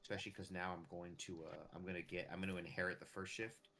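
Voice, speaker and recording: A man's voice: low-pitched, little pitch movement, fast talker, bright, forceful tone, a little hiss or hum. An American man streaming a game, chatting casually with lots of fillers and restarts. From United States. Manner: rambling, full of fillers and restarts. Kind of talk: casual chat while streaming a farming game.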